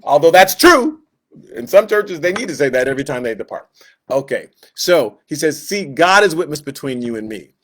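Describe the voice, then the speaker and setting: A man's voice: fairly high pitch, big pitch swings, normal speed, fairly bright tone. A man teaching a Bible class in a casual, conversational way, with joking asides and quoted voices acted out. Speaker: Sunday school teacher.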